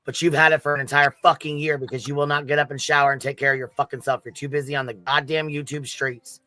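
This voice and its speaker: A man's voice: a little high, level tone, quick pace, pushed and bright, dry recording, poor audio. A man hosting reaction commentary, mocking and swearing at a clip he is reviewing. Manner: mocking, profane, combative. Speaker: commentary host.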